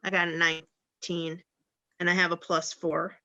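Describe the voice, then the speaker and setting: A woman's voice: on the low side, level tone, moderate pace, noisy background. A woman playing a tabletop game, eager and chatty. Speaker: player. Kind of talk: casual tabletop game play. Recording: dull lo-fi recording.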